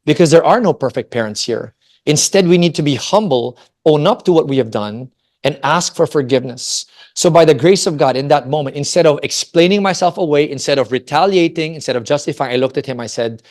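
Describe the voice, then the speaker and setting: A man in his forties from the Philippines, giving a Christian family talk and telling a personal story with lively, animated delivery and frequent questions to the audience. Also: a little high, fairly quick. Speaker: family ministry speaker.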